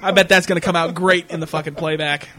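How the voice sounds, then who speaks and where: A man's voice: a little high, fairly even intonation, fast talker, bright, forceful tone, faint music behind. A man co-hosting a casual podcast, telling profane stories with lots of laughter. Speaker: podcast co-host.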